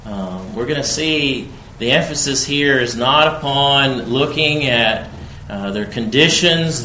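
A man delivers an expository sermon at a slow, deliberate pace, and his voice rises with emphasis on quoted verses. His tone is bright and forceful. The sound is roomy and echoing, with a faint ambient hum behind it. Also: a little high. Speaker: preacher. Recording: echoey room.

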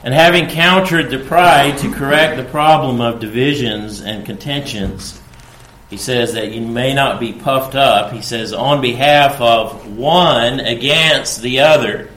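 A man preaching an expository sermon, teaching slowly and deliberately with frequent fillers and emphatic quoted lines. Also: medium pitch, a bit bright. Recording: echoey room.

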